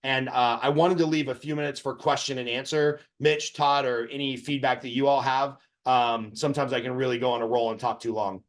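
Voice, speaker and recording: A man's voice: medium pitch, steady tone, a little fast, hardly any pauses. A man hosting a training session on a video call, talking casually, rambling and speaking bluntly. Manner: rambling, blunt, self-promoting.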